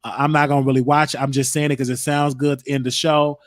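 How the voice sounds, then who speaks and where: A man's voice: medium pitch, little pitch movement, quick pace, no room sound, clean studio sound. A man hosting his own show, chatting casually and rambling bluntly between topics, cussing freely. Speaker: show host. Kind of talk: casual livestream chat.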